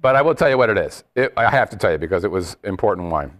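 Animated man chatting as host. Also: on the low side, racing. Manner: animated, jokey storytelling. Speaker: show host. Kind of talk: casual chat.

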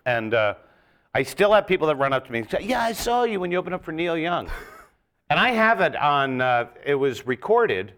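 A man, a comedian, telling stories in a casual podcast chat and bursting into loud, high crowd impressions. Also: moderate pace. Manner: animated storyteller, jumps into loud high-pitched crowd impressions. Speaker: comedian guest.

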